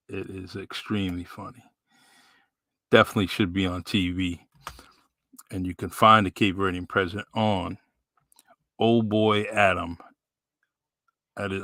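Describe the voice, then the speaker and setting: A man with a New England accent hosting a podcast in a relaxed, rambling way with many fillers. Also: deep voice, no echo. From New Bedford, Massachusetts. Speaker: podcast host. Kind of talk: casual live-stream chat.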